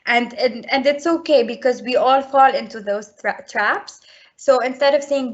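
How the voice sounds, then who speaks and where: A woman with a fairly high voice speaks at a moderate pace, presenting slides to parents during a school webinar. She is earnest and explanatory but restarts often, and the video call audio sounds muffled.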